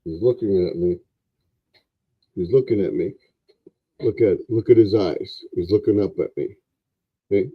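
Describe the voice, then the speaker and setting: A man hosting a casual livestream, chatting in an unhurried way and talking to a toy. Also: sits low, husky. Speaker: livestream host. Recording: dull lo-fi livestream audio.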